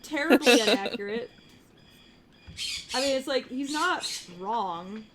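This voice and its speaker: A woman hosting a casual livestream while drawing, chatty and quick to laugh, reading viewer questions aloud. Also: sits high, animated, slight background noise. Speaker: livestream host drawing on stream.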